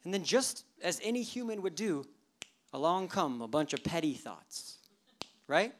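Animated male pastor in his thirties. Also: fairly high pitch, a little slow. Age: 30s. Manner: animated storytelling, acting out worshippers' inner thoughts with humor. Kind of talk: sermon.

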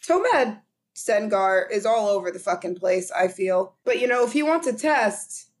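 A woman's voice: mid-range voice, expressive, moderate pace, a little hiss or hum. A woman co-hosting a casual book podcast, blunt and swearing, holding her opinion with a laugh. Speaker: podcast co-host. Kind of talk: casual chat.

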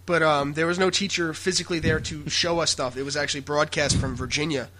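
A man's voice: fairly high pitch, fairly even intonation, fast, background noise. A young man co-hosting a casual podcast, rambling with many hesitations and frequent laughs. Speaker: podcast co-host. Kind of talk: casual banter.

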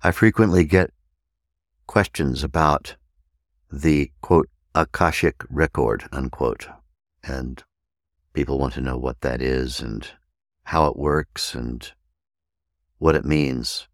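A man hosting a podcast and teaching meditation, speaking deliberately and spelling out words letter by letter. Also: a bass voice, dry recording, studio quality.

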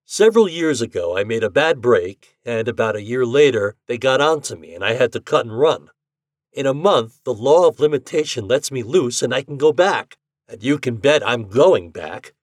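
A brash young American swindler with a breezy, slangy way of talking, as a man reads him aloud. His pitch swings lively up and down, and the sound is dry and close with no room around it. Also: normal speed, dry recording, close to an everyday voice. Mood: confiding. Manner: breezy, amused slangy talk. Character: cocky young male American con man. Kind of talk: audiobook character reading.

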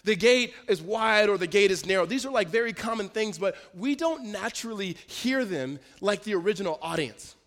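Male pastor, slightly high voice, animated storyteller in a reverberant church hall. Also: moderate pace, few pauses. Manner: storytelling, animated, self-interrupting with laughs. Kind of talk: sermon with personal story.

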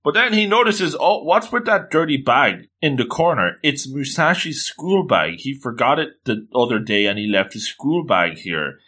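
A young man excitedly recapping a story, jumping to sudden high exclamations and reading characters' lines in quick asides. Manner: animated, swings pitch up for exclamations, voices characters in quotes. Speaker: manga recap narrator.

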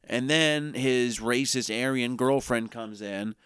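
A man's voice: medium pitch, slow, a bit bright, clean tone, dry recording, clean studio sound. A young man co-hosting a podcast, recapping a TV episode in casual, crude, joking chat. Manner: joking, crude, quotes characters in silly voices. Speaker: podcast co-host recapping a TV show.

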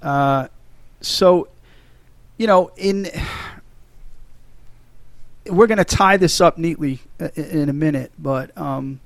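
A man's voice: fairly high pitch, takes it slowly, gravelly, no room sound. A man hosting a casual movie-talk podcast, rambling and stumbling over his words as he gets emotional. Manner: rambling, restarts a lot, emotional. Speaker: podcast host.

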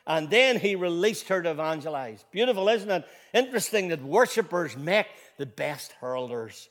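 A man's voice: fairly high pitch, in a large hall. A man preaching a sermon as pastor, moving from conversational storytelling with restarts to emphatic, rising declarations with repeated phrases.

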